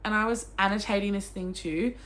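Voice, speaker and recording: A young Australian woman talking casually about books as a vlogger, gushing and excitable, with sudden squeals and swearing. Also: mid-range voice, fairly quick, a little hiss or hum. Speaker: book vlogger. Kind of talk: casual chat.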